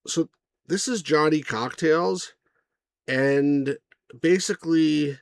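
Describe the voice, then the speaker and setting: Offering laid-back gameplay commentary, a man with a fairly high-pitched voice reviews a game, wandering into asides for viewers and laughing at the jokes. There is no echo.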